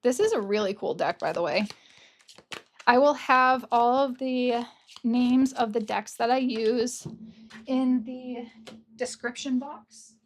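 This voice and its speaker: A woman doing a casual, gentle pick-a-card tarot reading, gushing over the cards and openly emotional. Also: fairly high pitch, slow pace, slight background noise. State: tearful at times. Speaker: tarot reader.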